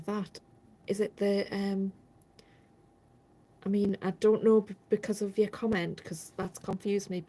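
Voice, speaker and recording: A woman's voice: medium pitch, creaky, dark tone, poor audio. A woman hosting a casual live stream, chatting in a rambling way and answering viewer comments as they come in.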